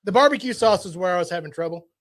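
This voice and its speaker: A man's voice: sits high, animated, rapid-fire. A man co-hosting a casual sports talk show, giving his blunt verdict on a sandwich in a drawl. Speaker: podcast co-host.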